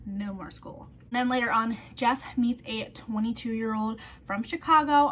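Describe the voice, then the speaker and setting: A woman's voice: fairly high pitch, moderate pace, hardly any pauses, a bit bright, slight background noise. Chatty woman whispering grim details. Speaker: vlogger. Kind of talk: casual true-crime storytelling.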